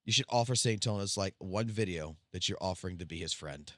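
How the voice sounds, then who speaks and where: A man's voice: low-pitched, brisk, a bit bright, no room sound, clean studio sound. A man casually commenting on a livestream, cursing freely and rambling with stammered restarts.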